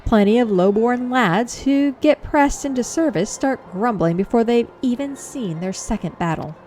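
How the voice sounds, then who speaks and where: A woman voicing a lowborn male soldier in a fantasy game who talks in rough, folksy common speech. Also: lively intonation, normal speed, a little mellow, slight background noise, close to an everyday voice. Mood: frank.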